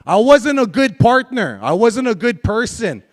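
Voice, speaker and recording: A man with a very high voice gives a live talk, opening up frankly about his past and bantering with the audience. He speaks as a young adult storyteller addressing a room of listeners. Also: very animated, unhurried.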